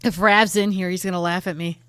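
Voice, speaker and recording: A woman's voice: on the low side, fairly quick, clear, resonant tone, no echo, studio quality. A woman with an Irish accent, playing a tabletop role-play game and teasing the others. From Ireland. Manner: playful, teasing, lively banter. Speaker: player.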